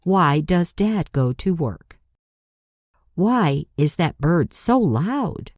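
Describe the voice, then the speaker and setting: A woman narrating a scripted grammar lesson as an English teacher, speaking deliberately and spelling out letters for learners. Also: on the low side, very animated, darkish tone, dry recording, clean studio sound.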